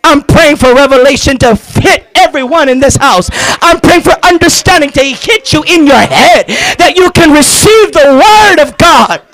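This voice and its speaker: A man preaching a fervent sermon to his congregation, calling for responses and shouting at the peaks with drawn-out emphatic phrases. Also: very high voice, expressive, low-quality recording. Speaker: pastor. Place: church.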